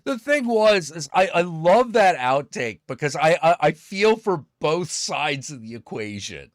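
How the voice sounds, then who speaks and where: Animated chatty man. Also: a little high, unhurried, no echo, clean studio sound. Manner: animated, swearing, laughs often, slips into impressions. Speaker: podcast co-host. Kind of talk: casual comedic chat.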